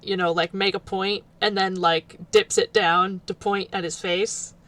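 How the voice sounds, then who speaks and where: A woman co-running a tabletop role-playing game, narrating in a halting way with many pauses. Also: medium pitch, fairly even intonation, fairly bright tone. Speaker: co-game master.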